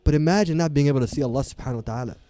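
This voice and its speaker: Passionate man with a dark, mellow voice. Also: fairly high pitch, very fast, no room sound. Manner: passionate, emphatic preaching tone. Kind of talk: casual faith discussion. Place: office site near a parking garage.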